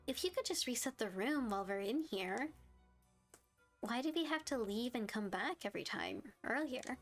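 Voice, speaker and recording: A young woman streaming a game live, chatting and giggling as she reads her chat aloud and reacts to the story. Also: mid-range voice.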